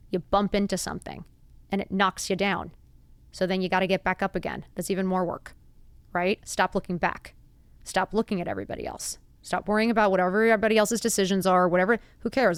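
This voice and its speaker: A woman's voice: mid-range voice, dry recording. A woman hosting a podcast, talking earnestly and openly about getting back up after setbacks, peppering her speech with "like" and "right?" and rhetorical questions. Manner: earnest, confiding, heavy use of "like" and "right?". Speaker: podcast host. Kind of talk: motivational personal talk.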